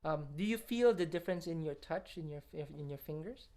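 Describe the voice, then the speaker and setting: A woman's voice: low voice, lively intonation, a little fast, dark tone. A woman coaching a piano student in a masterclass, encouraging and singing phrases on syllables to show the touch. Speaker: piano teacher. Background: faint piano.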